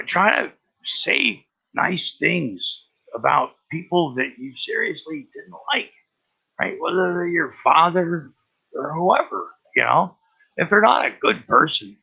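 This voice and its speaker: Gravelly man with a tense, sharp edge; halting, profane rambling, lo-fi recording. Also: a little high. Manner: halting, profane, many restarts. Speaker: vlogger. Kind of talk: rambling personal monologue. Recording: dull lo-fi recording.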